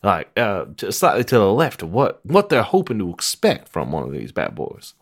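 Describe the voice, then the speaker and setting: A man's voice: on the low side, wildly swooping pitch, moderate pace. A man from Iowa co-hosting a comedy podcast, goofy and laughing through casual chat. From Iowa, USA. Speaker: podcast co-host and editor.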